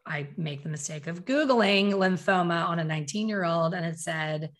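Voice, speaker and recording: A middle-aged woman from Philadelphia shares a personal story candidly and emotionally, with quick asides and self-corrections. Her voice is lowish.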